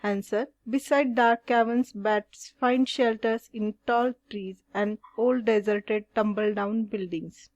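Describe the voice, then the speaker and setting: A woman teacher reading out exercise questions and their answers in a slow, deliberate question-and-answer way. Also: medium pitch, steady tone, darkish tone, no echo.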